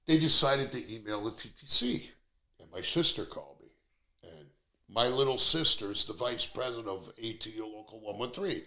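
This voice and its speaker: A man's voice: medium pitch, animated, moderate pace, fairly bright tone. A middle-aged man from Canada, hosting a podcast and ranting bluntly with plenty of profanity in casual chat. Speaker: podcast host.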